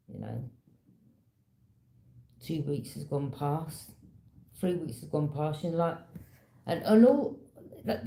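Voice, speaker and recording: In a deep voice with a dark tone, a woman delivers a tarot reading as casual, conversational storytelling, knowing and direct. The echoey room recording has a little hiss or hum.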